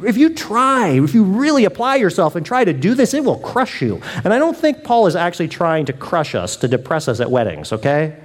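A man preaching a sermon with passion, drawing some lines out softly and raising his voice on others. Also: a little high. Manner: impassioned, swings between soft drawn-out lines and raised exclamations.

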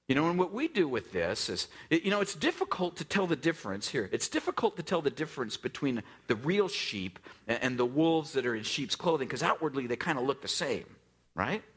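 A man in his forties preaches a sermon like he's chatting with friends, full of fillers and little jokes. His pitch swings widely as he acts out other people's lines, then sinks to a hush to drive a point home. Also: slightly rough. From US West Coast. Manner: conversational, jokey storytelling with many fillers; acts out quoted voices, drops to a hush for emphasis. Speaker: pastor.

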